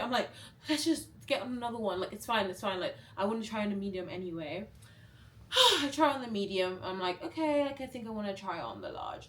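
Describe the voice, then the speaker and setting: Young female vlogger, chatty storyteller who acts out quotes, recorded a bit far from the mic in a roomy space with faint ambience. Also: fairly low pitch. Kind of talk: storytime vlog.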